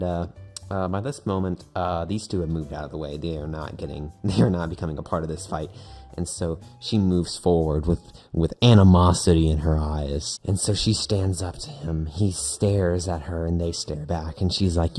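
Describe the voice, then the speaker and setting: Rambling low-voiced man telling a comic story. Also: steady tone, normal speed, dark tone, faint music behind. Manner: rambling, full of fillers. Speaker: streamer narrating his drawings.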